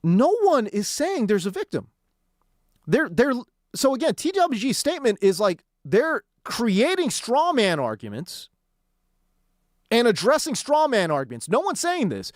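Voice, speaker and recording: A man's voice: very high voice, huge pitch swings, measured pace, no echo, clean studio sound. A man hosting a sports talk radio show, talking in a slangy, sarcastic way. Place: radio studio.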